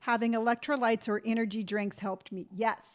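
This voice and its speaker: A woman's voice: on the high side, fairly even intonation, brisk. A woman in her fifties hosting a casual morning live stream, chatty and rambling, greeting viewers by name. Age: 50s.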